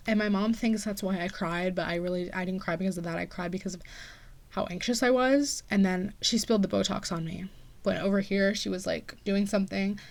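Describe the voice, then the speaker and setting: A young woman in her late teens hosting a podcast, telling a story in a chatty, sassy way and saying "like" a lot. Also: mid-range voice. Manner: chatty and sassy, heavy use of "like". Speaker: podcast host. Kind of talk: casual storytelling monologue.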